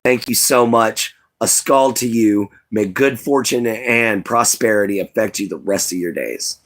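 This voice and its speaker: A man with a drawl chats loosely to his live stream audience. His voice sits on the lower side, and his talk wanders in an easygoing, rambling way, full of "you know" and "man". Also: measured pace, a bit bright. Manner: laid-back, rambling, says "you know" and "man" a lot. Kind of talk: casual live stream chat.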